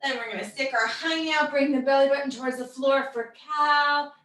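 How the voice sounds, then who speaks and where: A woman's voice: high-pitched, steady tone, a little fast, fairly bright tone. A woman leading young children through animal stretches, upbeat and encouraging with a sing-song way of talking. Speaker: children's yoga and storytime instructor. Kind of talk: guided kids' stretching lesson. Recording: echoey room, voice a bit far from the mic.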